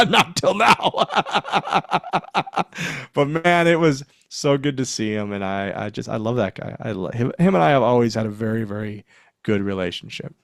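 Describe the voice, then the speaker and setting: A fortysomething former wrestler with a lowish voice swaps backstage stories in a relaxed interview, acting out quotes and laughing a lot. The recording is studio quality with no echo, and he comes across as an animated storyteller.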